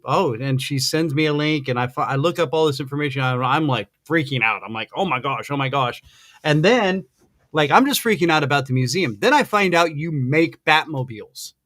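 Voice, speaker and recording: A man hosting a podcast, chatting in an excited, rambling way, gushing like a fan over his guest. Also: mid-range voice, no echo, clean studio sound. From American Midwest. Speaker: podcast host. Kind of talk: excited casual interview chat.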